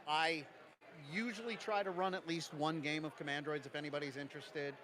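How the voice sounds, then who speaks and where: A man from Jersey City, a game designer, joking quickly through a casual convention interview. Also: a little high, steady tone, noisy background. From Jersey City, USA. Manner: jokey, quick, self-mocking. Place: convention lounge.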